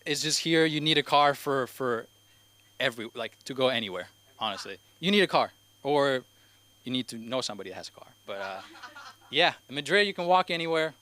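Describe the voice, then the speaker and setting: A man's voice: mid-range voice, expressive, a little fast, pushed and bright. A young man from Spain with a slight Spanish accent, doing his first stand-up set at an open mic, rambling and hesitant with many fillers. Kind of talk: stand-up comedy. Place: comedy club stage.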